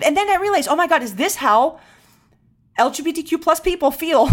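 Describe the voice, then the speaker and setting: A young woman from Venezuela co-hosting a podcast, talking with passion and speed and slipping in Spanish words. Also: sits high. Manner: impassioned, rapid and animated, mixing in Spanish words. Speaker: podcast co-host. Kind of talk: casual chat.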